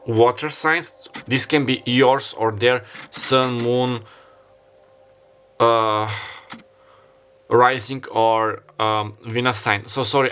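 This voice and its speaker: Man, tarot reader, non-native English, rambling, apologetic, self-correcting, mid-pitched voice. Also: pushed and bright. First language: not English. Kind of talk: casual pick-a-card tarot reading.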